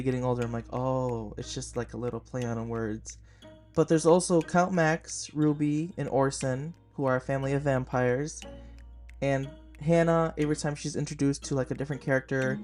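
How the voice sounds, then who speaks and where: A man's voice: medium pitch, a little mellow. A man in his twenties hosting a casual film review podcast. He talks in a chatty, gushing way and uses a lot of "like" fillers. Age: 20s. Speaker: podcast host.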